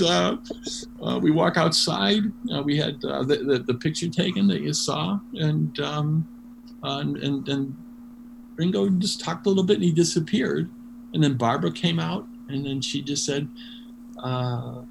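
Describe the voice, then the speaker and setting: A man telling a story in an interview, animated and full of restarts and fillers. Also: a little high, normal speed, vocal fry. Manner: animated, many restarts, laughs while telling. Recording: noisy background hum.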